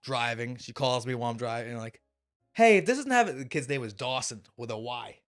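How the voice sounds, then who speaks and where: A young man telling a personal story on a podcast, animated and swearing often. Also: medium pitch, brisk. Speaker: podcast guest. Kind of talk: casual storytelling.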